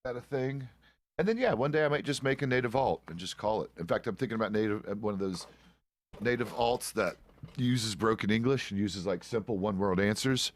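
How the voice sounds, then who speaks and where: A middle-aged roleplay streamer with a lowish voice talks fairly quickly while chatting casually out of character. He's laid-back, rambling and profane, and the recording is dry.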